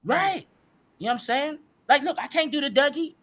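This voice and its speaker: Animated male podcast guest, slangy storyteller, bright tone. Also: very high-pitched, brisk. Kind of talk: casual chat.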